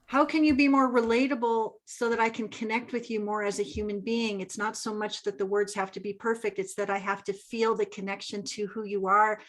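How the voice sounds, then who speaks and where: A woman's voice: medium pitch, little pitch movement, brisk, hardly any pauses, low-quality recording. Articulate woman host. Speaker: podcast host. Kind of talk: conversational interview.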